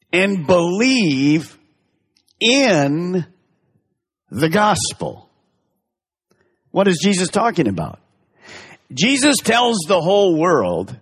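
Male pastor, sermon delivery, lively swooping pitch, long hall reverb. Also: slightly rough. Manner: emphatic, drawn-out stresses with big pitch swings.

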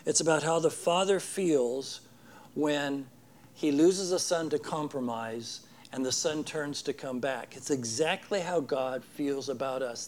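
Man, pastor, earnest sermon, slightly high voice, acts out the story. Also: unhurried, a little hiss or hum. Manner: earnest, acts out quoted voices, drops to soft emphasis.

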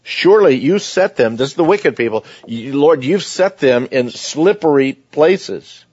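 A man's voice: fairly high pitch, lively intonation, a little slow, darkish tone, no room sound. A man preaching a sermon, reading scripture aloud and then explaining it in plain conversational words. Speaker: pastor. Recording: dull, dry lo-fi sound.

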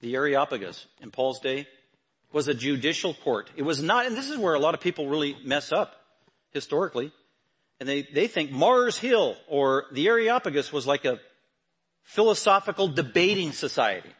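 A man preaching a sermon, talking through a passage and building to loud, emphatic proclamations. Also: fairly high pitch, big pitch swings, normal speed, breathy edge.

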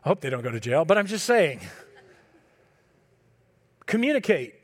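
High-voiced man preaching conversationally. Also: big pitch swings, normal speed. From California. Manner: conversational preaching, acts out dialogue with his kids. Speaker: pastor. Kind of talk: sermon.

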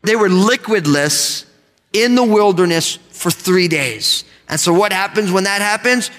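In the church sanctuary, a male pastor preaches with a high, bright, ringing voice at a slightly slow pace. He's animated and leads the crowd in call-and-response, while the hall adds a long reverb.

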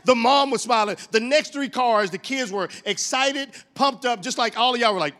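A middle-aged man giving a comic, animated sermon as a motivational church speaker, telling stories with comic voices. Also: very high voice, brisk, hardly any pauses.

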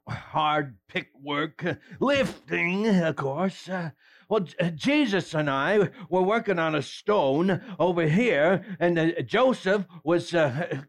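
Man performs a chatty ancient workman recounting a story to kids; higher, slow, folksy. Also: creaky. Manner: folksy storyteller, rambling with fillers. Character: male ancient stoneworker friend of Joseph, chatty. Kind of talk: dramatic character monologue for children.

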